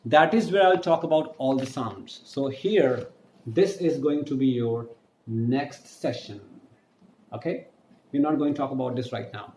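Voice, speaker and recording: A male teacher giving a recorded online French lesson, explaining slowly, spelling words out letter by letter and answering his own questions. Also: medium pitch, darkish tone. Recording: echoey room with faint noise.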